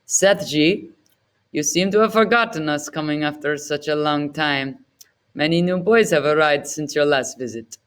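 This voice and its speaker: A woman's voice: sits low, normal speed, lightly acted. A woman voicing a fawning, scheming male orphanage keeper who talks in a wheedling, ingratiating way.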